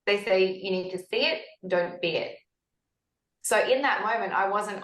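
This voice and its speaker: A woman in her forties, a health practitioner talking as a guest in a conversational interview, telling stories lively and acting out her own past thoughts. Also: mid-range voice, normal speed. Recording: echoey room.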